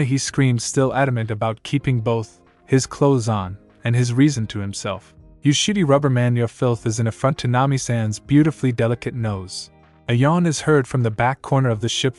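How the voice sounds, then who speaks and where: A man's voice: mid-range voice, a little mellow. A man reading fan fiction aloud, keeping the characters' lines close to his own voice. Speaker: fanfic narrator.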